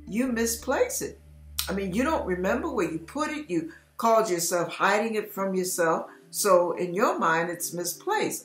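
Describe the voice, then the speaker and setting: A woman's voice: medium pitch, very animated, normal speed. A woman giving a devotional message, telling a story as a scenario and acting out panicked inner voices. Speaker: Christian vlogger. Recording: echoey room with soft background music.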